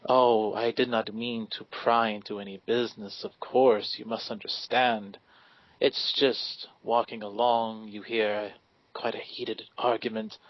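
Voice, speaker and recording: A man voicing a stiff, courteous gentleman. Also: on the low side, level tone, unhurried, no echo, lightly acted. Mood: smooth. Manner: courteous and formal, servile politeness. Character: stiff, elegant, well-mannered man in a sharp suit. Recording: dull, lo-fi sound.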